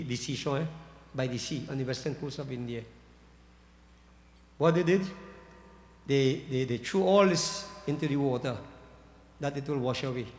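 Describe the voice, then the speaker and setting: Brief: preacher, animated storytelling sermon, higher male voice, roomy echo. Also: a little hiss or hum. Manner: animated, addresses listeners as devotees. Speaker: pandit. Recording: echoey hall reverb.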